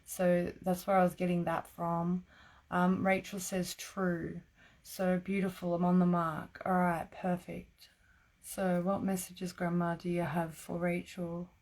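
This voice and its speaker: A woman with a somewhat low voice talks through psychic readings on a live stream. She keeps it casual and chatty, laughing often and peppering her sentences with "like". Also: little pitch movement, a little slow, a little mellow. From Australia. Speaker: psychic reader.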